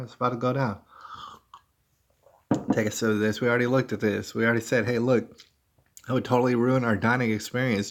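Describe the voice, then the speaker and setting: A man hosting a casual livestream from home, rambling conversationally and calling his viewers "y'all.". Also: medium pitch. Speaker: livestream host.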